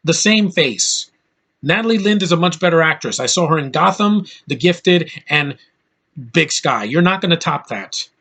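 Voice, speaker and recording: A man's voice: on the high side, lively intonation, moderate pace, sharp tone. A man giving a blunt, ranting movie review in casual speech, with lots of fillers and restarts. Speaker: film reviewer.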